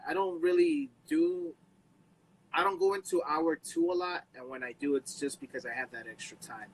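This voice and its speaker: A man's voice: a little high, sing-song, moderate pace, vocal fry, slight background noise, rough recording. A young man hosting a casual podcast, laid-back and slangy, swearing in passing. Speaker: podcast host.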